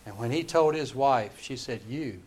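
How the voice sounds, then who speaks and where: A man preaching a sermon, retelling a story in an animated, dramatic way. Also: medium pitch, moderate pace.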